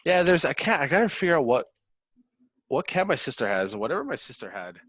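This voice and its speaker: A man's voice: mid-range voice, big pitch swings, brisk, fairly bright tone, slightly rough, dry recording. A man in casual chat at a book club, rambling with many fillers.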